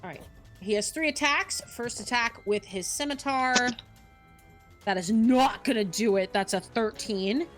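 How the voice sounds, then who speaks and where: A woman's voice: a little high, measured pace, faint music behind. A woman narrating as game master of a tabletop game, upbeat and often laughing.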